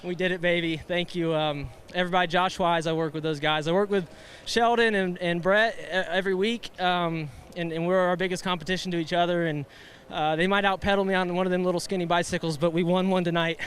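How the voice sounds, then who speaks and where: A man who just won a race, out of breath and rambling excitedly through thank-yous in a post-race interview at victory lane. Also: sits high, fairly quick, a little hiss or hum. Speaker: race-winning driver. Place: victory lane at a racetrack, outdoors.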